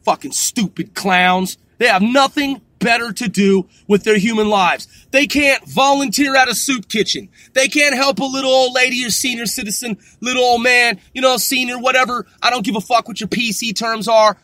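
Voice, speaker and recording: A man podcasting, ranting angrily with lots of swearing and sudden loud outbursts. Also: extremely high pitch, moderate pace, few pauses, dry recording. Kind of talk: profane rant.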